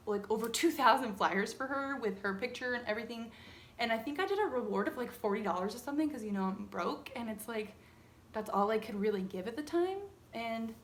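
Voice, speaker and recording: A young woman vlogger telling a story in casual chat, animated and swearing freely as she dramatizes it. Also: a little high, slight background noise.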